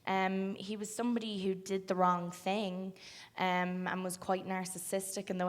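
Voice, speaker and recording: Young Irish woman, low and even. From Ireland. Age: young adult. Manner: thoughtful, frequent ums, soft-spoken. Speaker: film actress guest. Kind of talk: casual interview chat.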